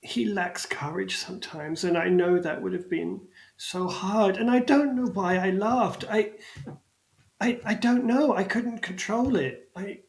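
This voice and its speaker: A man voicing a timid young halfling woman who is crying, speaking haltingly and repeating herself, in an echoey room. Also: high-pitched, vocal fry, voice pushed up. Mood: tearful.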